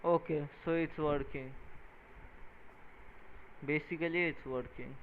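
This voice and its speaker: A tired man talking casually while he codes and wires a small electronics project, halting and counting pins out loud. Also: fairly high pitch, fairly even intonation. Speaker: maker coding a microcontroller project. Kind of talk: casual talk-through while working. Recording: tinny phone-like sound with faint noise.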